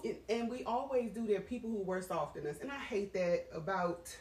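A woman talking in a candid, casual chat, animated and frank, with plenty of profanity. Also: medium pitch, normal speed, hardly any pauses. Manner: animated, frank and profane, swings between laughter and strain. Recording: roomy sound from a distant mic.

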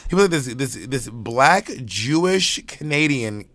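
A man chatting casually as a podcast co-host, talking fast with many restarts. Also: medium pitch, lively intonation, fairly bright tone, no room sound. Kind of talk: casual chat.

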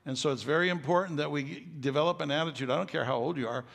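An older man preaches a folksy, joking sermon that swells into loud, emphatic passages. His voice sits a little high and has a gravelly edge. The sound carries the long reverb of a large hall. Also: quick pace. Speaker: pastor.

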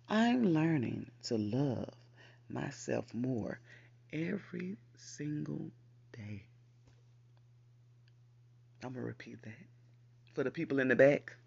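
A man hosting a podcast, reciting affirmations and repeating them slowly for emphasis in an encouraging way. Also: on the high side, expressive, vocal fry, breathy edge, dull audio. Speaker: podcast host. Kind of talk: spoken affirmations.

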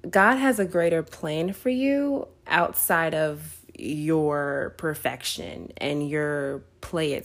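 A woman hosting a podcast, giving a casual faith talk in a conversational way with lots of fillers and frequent laughs. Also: on the low side. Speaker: podcast host.

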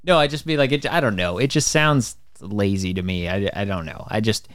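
A man's voice: lowish voice, a little fast, fairly bright tone, dry recording, clean studio sound. A man co-hosting a music podcast in casual chat, blunt and swearing, often trailing off unsure. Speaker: podcast co-host.

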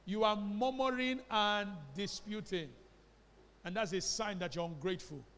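A man's voice: high-pitched, normal speed, fairly bright tone, in a large hall. A man with a Nigerian accent preaching a sermon as a pastor, emphatic, asking the congregation questions and slipping into Pidgin phrases. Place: church hall.

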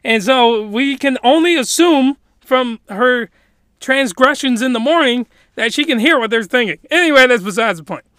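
A man excitedly recapping a story in casual chat, laughing and rambling with many restarts. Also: very high-pitched, moderate pace, clear, resonant tone, no echo, studio quality. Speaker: video commentator.

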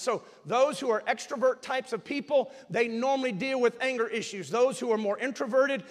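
A male pastor preaching a sermon in a church, moving from calm teaching to loud shouted calls to praise. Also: extremely high pitch, a little fast, big-room sound. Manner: preaching, swings from quiet teaching to shouted exhortation. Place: church sanctuary.

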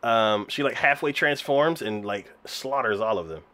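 Animated, laughing man retelling a show. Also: mid-range voice, normal speed. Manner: animated, laughs often, many fillers like "um" and "like". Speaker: podcast co-host reviewing anime. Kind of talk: casual chat.

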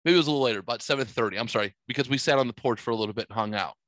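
A man's voice: medium pitch, very fast, no echo, rough recording. A man in his forties telling a long story in casual chat, rambling and full of swearing. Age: 40s. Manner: profane, rambling, animated storyteller.

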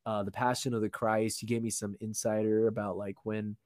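A man's voice: on the low side, flat delivery, a little fast, a little mellow, dry recording, clean studio sound. A young man, a podcast guest, telling a story in a casual, slangy way, full of "like" and restarts.

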